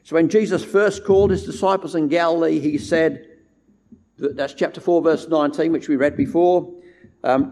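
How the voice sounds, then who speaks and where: A man gives a sermon from the pulpit, pitched a little above most men. He talks steadily and lands heavy stress on the words he wants to ring out. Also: steady tone, a little mellow. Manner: measured, emphatic delivery stressing key words. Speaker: preacher. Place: church.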